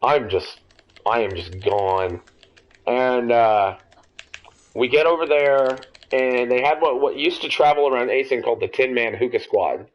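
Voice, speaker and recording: Young male podcast host, rambling and profane storyteller, mid pitch, dull lo-fi audio. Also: unhurried. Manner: rambling, animated, swears freely. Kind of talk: casual storytelling.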